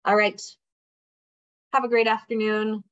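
A woman's voice: medium pitch, flat delivery, unhurried, a bit bright, no room sound. A woman leads a group coaching call, guiding a participant with direct, encouraging prompts. Her voice is dry and close, with dull, slightly muffled call audio. Her delivery stays practical and supportive.

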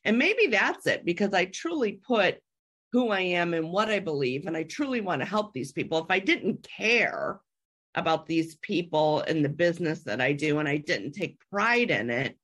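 A woman on a coaching call works through her feelings aloud, pausing and restarting as she searches for words. Her pitch moves lively up and down. She sounds earnest and sincere. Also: slightly rough.

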